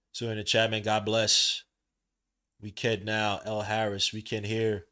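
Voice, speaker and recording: A man hosting a live basketball watch-along stream, talking casually in slang, swinging between loud outbursts and low muttering. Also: completely flat delivery, takes it slowly. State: tired, yawning. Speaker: podcast host doing a live watch-along. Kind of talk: casual live game commentary. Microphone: streaming setup mic.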